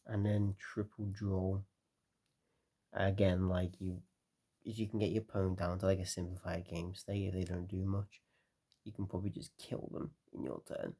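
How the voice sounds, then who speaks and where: Tired man, dark mellow voice, gravelly, casual rambling deck walkthrough. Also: low-pitched, a little fast. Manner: relaxed, rambling, frequent fillers. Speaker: card game deck explainer.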